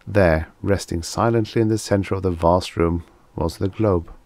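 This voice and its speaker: Deep-voiced man reading an audiobook. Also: steady tone, normal speed, darkish tone, no echo. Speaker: audiobook reader. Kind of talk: audiobook narration.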